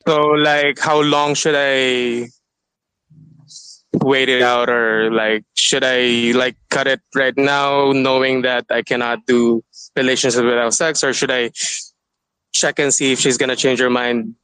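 A man's voice: medium pitch, fairly even intonation, measured pace, bright, forceful tone, smooth, dry recording, low-quality recording. A man asking for relationship advice, hesitant and unsure. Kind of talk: casual chat.

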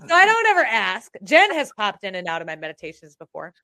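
A woman with a bright voice talks fast, rambling and letting her sentences trail off quietly. The recording is close and dry. She reads out listener questions as a co-host. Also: medium pitch, wildly swooping pitch, dry recording. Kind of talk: casual spiritual chat.

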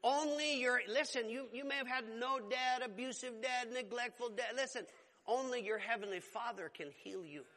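A man preaching a sermon as a pastor, emphatic and rising to loud exclamations. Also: very high-pitched, normal speed. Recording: long hall reverb.

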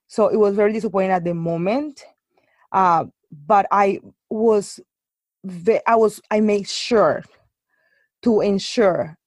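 A woman's voice: mid-range voice, a little mellow, dry recording. A woman guest in a casual interview, talking earnestly with frequent restarts and hesitations. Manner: halting, restarts often, earnest.

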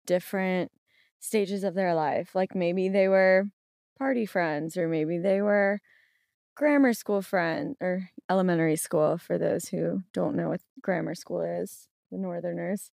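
A young woman from New Orleans, a podcast guest who talks in a relaxed, rambling way full of fillers. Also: on the low side, a little slow, gravelly, no echo, studio quality. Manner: relaxed, rambling, many likes. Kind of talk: casual chat.

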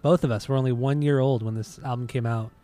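A man's voice: mid-range voice, steady tone, fast, dark tone, no room sound. A man in his thirties hosting a music podcast from home, teasing and dryly stubborn in casual banter. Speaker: podcast co-host.

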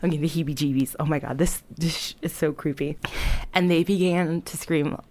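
A woman's voice: low voice, fairly even intonation, fairly quick, a little mellow. A young woman casually retelling a horror story in a chatty way, full of filler words and disgusted reactions.

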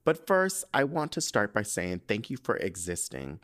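A man's voice: fairly low pitch, moderate pace. A young man hosting a podcast, chatting casually in a camp, swearing style and reading a listener's letter aloud, getting choked up. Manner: animated, camp, swears freely, gets emotional while reading. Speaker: podcast host.

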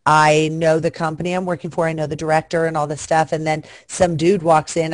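A woman's voice: deep voice, little pitch movement, fairly quick, few pauses, no room sound. A woman guest chatting frankly and bawdily on a video call, joking as she goes. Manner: frank, bawdy, jokey. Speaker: guest performer. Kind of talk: casual chat.

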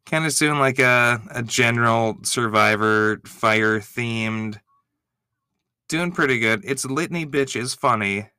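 Excitable man with a bright voice. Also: mid-range voice, slow pace, smooth, no echo, clean studio sound. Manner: excitable, gushing, swears freely. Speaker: commentator. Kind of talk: reaction commentary.

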